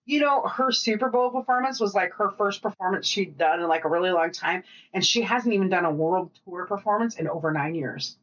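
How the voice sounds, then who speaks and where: A woman co-hosting a podcast in casual chat, rambling and swearing freely with quick asides. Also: mid-range voice, lo-fi sound, slight background noise. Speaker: podcast co-host.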